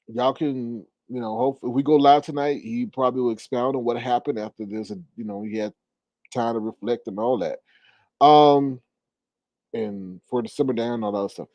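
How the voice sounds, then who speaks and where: A man doing casual commentary into a phone at home, sassy and animated, his voice climbing higher when he gets riled. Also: normal speed, dry recording. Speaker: commentary vlogger.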